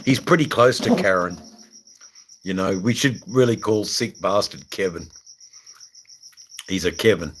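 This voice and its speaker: A man's voice: deep voice, a little slow, pauses often, a bit bright, a little hiss or hum, poor audio. A middle-aged Australian man hosting a casual livestream, rambling and joking crudely to his viewers with many fillers. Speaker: livestream host. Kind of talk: casual livestream chat reading viewer comments.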